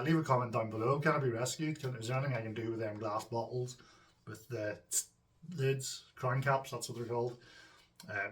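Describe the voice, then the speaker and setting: A low-voiced Northern Irish man rambles easily to his viewers, trailing off into ums and side comments. He sits a little back from the microphone, so his voice sounds distant. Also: fairly bright tone. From Northern Ireland. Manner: rambling and chatty, with frequent ums and asides to viewers. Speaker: homebrewing channel host. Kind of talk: casual chat to camera.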